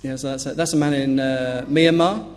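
A man preaching an earnest sermon, emphatic and dropping to a hush on grave points. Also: mid-range voice, steady tone, moderate pace. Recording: long hall reverb.

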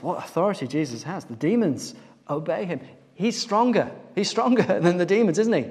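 Male preacher, fairly high voice, interactive quiz-style Bible talk, long church reverb. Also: darkish tone. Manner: quizzing listeners to fill in missing words.

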